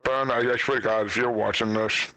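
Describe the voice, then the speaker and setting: A man with an ordinary mid-pitched voice talking on a podcast, repeating his words as he starts and sounding exasperated. The recording is dry and close. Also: steady tone, brisk, sharp tone, no room sound, rough recording. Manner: stammering, exasperated, rambling. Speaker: podcast guest. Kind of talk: casual podcast chat.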